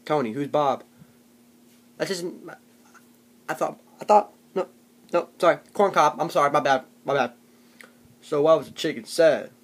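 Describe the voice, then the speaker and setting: A man's voice: on the high side, moderate pace, pauses often. A young man telling comic stories in a rambling, jokey vlog, often putting on mock voices. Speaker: vlogger. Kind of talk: comedic storytelling vlog.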